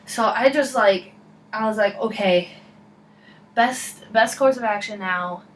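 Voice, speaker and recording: A young woman vlogging, telling a rambling, excitable story full of "like" in a casual chat. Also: medium pitch, slow pace. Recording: voice a bit far from the mic, faint background noise.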